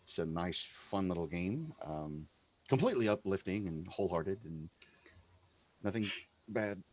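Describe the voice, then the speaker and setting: Low, lively man with dry humor. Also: unhurried. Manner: dry, self-mocking humor. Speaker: player. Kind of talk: casual chat among players.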